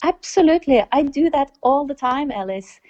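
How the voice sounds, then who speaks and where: A woman's voice: high voice, animated, normal speed, a little mellow. A woman from Norway, a philosophy teacher being interviewed, who speaks thoughtfully and repeats herself for emphasis. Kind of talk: conversational interview. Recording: dull lo-fi recording.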